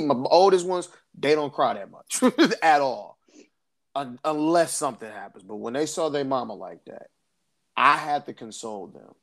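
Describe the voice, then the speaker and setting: A man's voice: mid-range voice, creaky. A man, co-hosting a podcast and telling an emotional family story with many restarts. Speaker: podcast co-host. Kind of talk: casual podcast chat.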